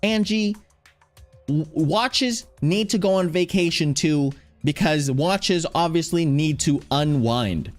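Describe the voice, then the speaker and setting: A man chatting casually on a livestream, rambling playfully, reading chat aloud and now and then breaking into loud, excited shouts. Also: a little high, slow pace. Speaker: streamer. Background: faint background music.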